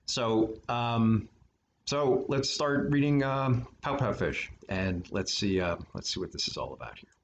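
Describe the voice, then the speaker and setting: A man reading a children's picture book aloud at story time, with relaxed, chatty asides. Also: medium pitch, a little slow, highs cut off, slight background noise. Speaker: story time reader for an art studio. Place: art studio.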